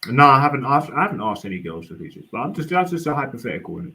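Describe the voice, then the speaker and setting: A man's voice: medium pitch, very animated, rapid-fire, sharp tone, poor audio. A young man on a livestream panel, rambling and hesitant, full of restarts and fillers. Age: young adult. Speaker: panel guest. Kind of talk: casual debate.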